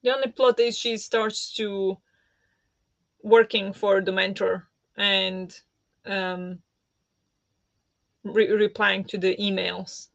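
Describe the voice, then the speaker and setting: A woman's voice: mid-range voice, flat delivery, slow, creaky, pauses often, dry recording. Blunt, sarcastic woman on a dull stream. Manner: blunt, sarcastic, laughs often. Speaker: book club host. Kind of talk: casual live-stream chat.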